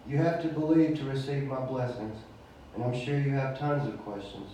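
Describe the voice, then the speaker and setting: A man's voice: mid-range voice, moderate pace, recorded from a distance, a little hiss or hum. Southern man reciting poetry in an echoey room. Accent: Mississippi Southern. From Mississippi. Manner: excited chatty intro, then steady rhythmic recitation. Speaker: poet at open mic. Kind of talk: spoken word poetry recital. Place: small venue at an open mic night.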